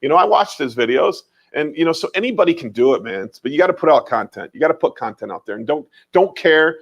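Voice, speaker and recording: American guy on a live stream, fired up, repeats himself a lot, voice a bit high. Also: quick pace, vocal fry, lo-fi sound. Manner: animated and emphatic, repeats phrases, mild swearing. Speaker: livestream co-host. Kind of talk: casual livestream chat.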